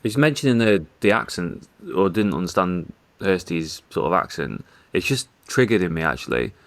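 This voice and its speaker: A man's voice: low-pitched, lively intonation, moderate pace, no room sound. A man with a Northern English accent, a football journalist telling self-deprecating stories in casual podcast chat.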